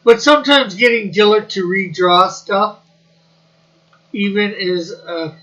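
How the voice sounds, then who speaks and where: A man from Canada chatting as a co-host, his voice high and bright. He answers briefly and agreeably, and his audio sounds dull and lo-fi. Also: slow. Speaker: comic artist, co-host. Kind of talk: casual chat.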